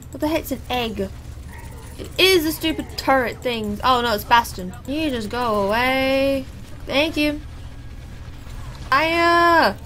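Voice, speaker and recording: A woman's voice: sits high, pushed and bright, a little hiss or hum. A young woman, chatting and exclaiming as she comments live on her own gameplay. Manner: chatty, exclaiming at the game, laughing. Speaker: gaming YouTuber.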